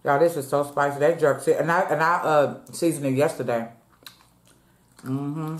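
A woman's voice: sits low, fairly even intonation, moderate pace. Chatty woman vlogger who talks to her viewers as "y'all" and eats between sentences, echoey home room. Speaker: mukbang vlogger. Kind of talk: casual chat while eating.

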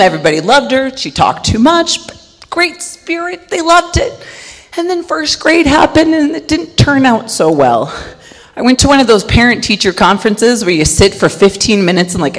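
A middle-aged woman giving a conference talk, loud and animated as she tells stories. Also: medium pitch. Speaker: conference speaker. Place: large conference hall. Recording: long hall reverb.

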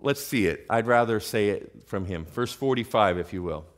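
A man's voice: fairly low pitch, animated, normal speed. A man preaching a sermon in a church, talking conversationally and often checking in with the congregation with questions. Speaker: pastor. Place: church sanctuary.

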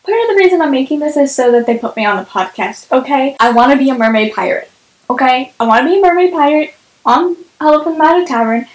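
A woman's voice: high voice, expressive, fast talker. Giggly chatty young woman in an echoey room. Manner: giggly, chatty, lots of fillers and restarts. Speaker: book vlogger. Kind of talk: casual review vlog and bloopers.

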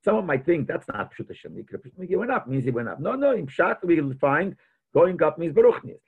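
A man's voice: fairly high pitch, sing-song, brisk, creaky, slightly rough. A man teaching a Torah lesson as a rabbi, mixing Hebrew and Yiddish terms into his English and thinking aloud as he explains. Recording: tinny phone-like audio.

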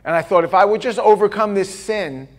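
A pastor preaches to his congregation in a church, a man with a voice pitched a bit above most men. He tells his stories with lively energy and often jokes at his own expense. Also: a little fast. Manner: animated storytelling with self-deprecating jokes. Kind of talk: sermon. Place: church sanctuary.

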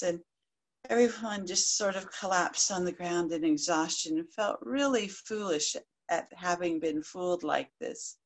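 A woman storyteller narrating a folk tale aloud in a lively, expressive way. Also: fairly low pitch, unhurried. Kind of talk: live oral storytelling.

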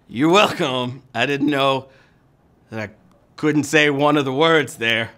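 A man's voice: mid-range voice, takes it slowly, a bit bright. A man hosting a live trivia game show, playful and teasing, calling players "babies" and tossing off little rhymes. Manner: playful, hyped, sing-song with teasing rhymes. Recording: music bed playing under the voice.

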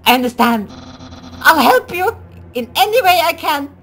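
A loud, eager male skeleton played by a woman blares his report in a high, bouncing voice. He swings wildly up and down as he talks, and the whole thing comes across as bright and pushy. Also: sing-song, normal speed, exaggerated voice. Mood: pleading. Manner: shouty and overexcited.

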